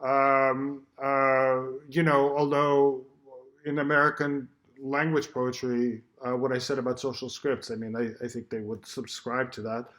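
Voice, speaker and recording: A middle-aged man from Russia giving a recorded talk as a poet, reflective and halting, with many fillers and restarts and some dry humor. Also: mid-range voice, flat delivery, a bit bright. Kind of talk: recorded symposium address. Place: Shanghai.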